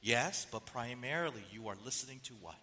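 A man's voice: mid-range voice, animated, brisk, pushed and bright, big-room sound, slight background noise. A man preaching a sermon as pastor, with a nasal voice, pressing the congregation with rhetorical questions and reading quotes aloud. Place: church sanctuary.

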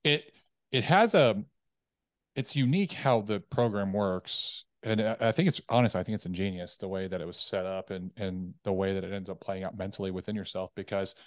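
A man, a coach, talking as a podcast guest in a casual interview, telling animated stories and acting out the voices in his head. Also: low voice, fairly quick, dry recording, clean studio sound. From United States. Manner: animated storytelling, acts out inner voices.

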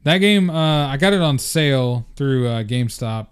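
A man's voice: medium pitch, lively intonation, moderate pace, clear, resonant tone. A young man co-hosting a podcast, chatting casually in a laid-back, joking way with a lot of swearing. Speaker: podcast co-host. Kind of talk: casual chat.

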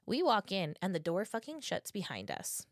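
A woman in her thirties tells a story in a loose, foul-mouthed podcast chat. She acts out each person's lines as she goes. Her voice sits at a middling pitch and sounds dry and close to the mic. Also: normal speed, dry recording. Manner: profane, animated storytelling with acted-out quotes. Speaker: podcast co-host.

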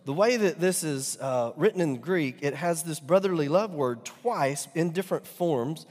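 A male pastor preaching a sermon. He swings from loud, emphatic peaks to soft, near-whispered lines and asks the congregation rhetorical questions. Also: a little high, expressive, normal speed. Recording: long hall reverb.

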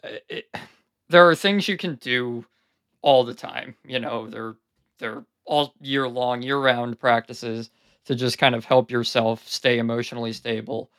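A man's voice: mid-range voice, unhurried, a bit bright, dry recording, studio quality. Rambling, reflective man on a podcast. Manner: rambling and reflective, many "like" and "you know" fillers. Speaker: podcast host. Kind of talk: casual podcast conversation.

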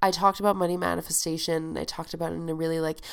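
A woman's voice: sits low, little pitch movement, rapid-fire, gravelly, clean tone. A woman hosting a podcast with a stuffed-up, nasal voice, talking in a chatty, emphatic, motivational way. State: stuffed-up nose. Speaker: podcast host. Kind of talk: casual solo podcast monologue.

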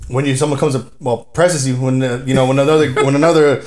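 A man's voice: medium pitch, fairly even intonation, quick pace, a little mellow. A man from West Dallas, a podcast guest telling stories in a laid-back way, swearing and laughing often. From West Dallas, Texas. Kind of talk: casual chat and storytelling. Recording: echoey room.

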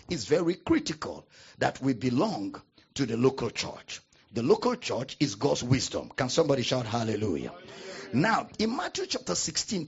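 Man preaching, husky gravelly voice, swooping pitch, dull lo-fi recording. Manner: preaching with dramatic pauses and emphatic repetition. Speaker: pastor. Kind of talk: sermon.

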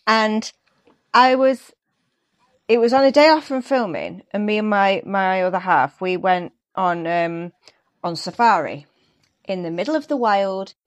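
Woman chatting on a call, animated and chatty, tells stories with big swings. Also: mid-range voice, a little slow. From England. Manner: lively, animated storytelling with laughs. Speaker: guest, actor and football fan. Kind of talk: casual podcast chat over a call. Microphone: remote call.

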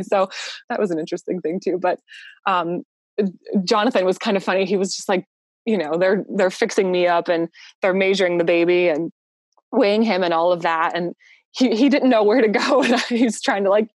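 A woman's voice: medium pitch, dry recording, studio quality. A young woman telling her own birth story in a casual, heartfelt way, laughing often and using lots of fillers.

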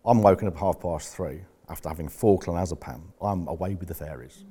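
A man's voice: low-pitched, fairly quick, mellow, slightly rough. A man coaching business members in a candid, rambling talk, swearing bluntly as he tells stories.

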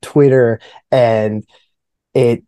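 A man co-hosting a casual podcast, excitable and profane, peppering his talk with "dude" and "bro". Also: medium pitch, extremely slow, clear, resonant tone. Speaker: podcast co-host.

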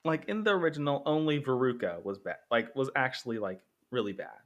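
A man with a mid-range voice speaks fairly quickly in a casual podcast monologue comparing two films. As host, he rambles with lots of fillers and acts out the characters' lines.

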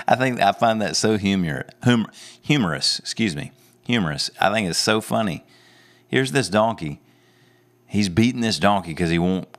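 Low-voiced male preacher telling a story. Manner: animated storytelling with chuckles. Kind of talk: sermon.

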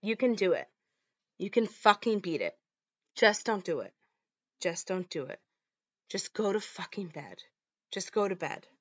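A woman's voice: mid-range voice, big pitch swings, unhurried, pauses often, no echo, dull audio. A woman voicing a short-tempered alcoholic mother, snapping and swearing as she reads the lines out. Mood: muttering to herself. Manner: read-out quotes, snapping and swearing.

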